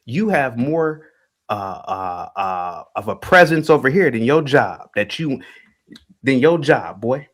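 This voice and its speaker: It's a call-in livestream rant: the male host jeers, picks fights, and keeps restating his arguments. His mid-range voice is animated, though he takes it slowly.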